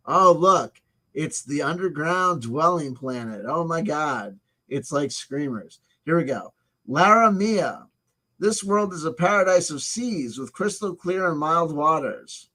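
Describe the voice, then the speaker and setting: A man's voice: a little high, animated, a little slow, pushed and bright. Sarcastic man reviewing a game book. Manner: sarcastic, profane asides. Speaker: host reviewing a tabletop game supplement. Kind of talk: casual review, reading aloud with commentary.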